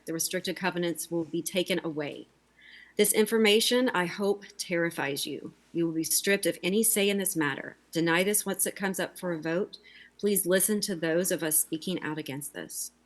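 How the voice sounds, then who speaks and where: A woman joins a council meeting remotely over a video call and reads an insistent prepared statement. Her voice is somewhat low, and her delivery stays urgent and pointed throughout. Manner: urgent, insistent, reading from notes. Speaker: public commenter at city council. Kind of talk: prepared public comment speech.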